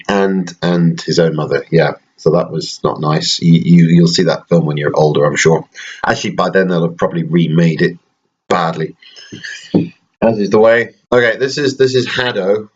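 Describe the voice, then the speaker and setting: Low-voiced dad, dry and rambling. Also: male voice, muffled recording. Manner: rambling, gently joking, dry asides. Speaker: father recording a bedtime video. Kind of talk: casual bedtime chat to a baby. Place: at home in his flat.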